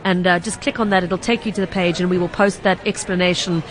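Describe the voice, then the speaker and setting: A woman's voice: on the low side, fairly even intonation. Woman hosting a radio consumer show. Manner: measured, conversational, reads listener messages aloud. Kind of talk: radio consumer call-in chat.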